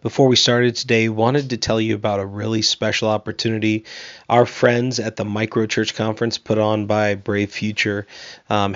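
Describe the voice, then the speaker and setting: Man, low flat voice, upbeat podcast promo, dull dry lo-fi recording. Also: dry recording. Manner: upbeat, direct address to listeners. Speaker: podcast host. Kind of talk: read promo announcement.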